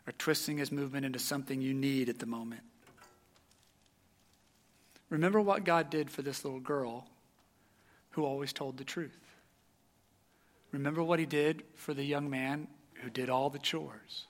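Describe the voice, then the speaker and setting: A man preaching a sermon, telling a story with animated energy and dropping to a hush at the tense moments. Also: a little high.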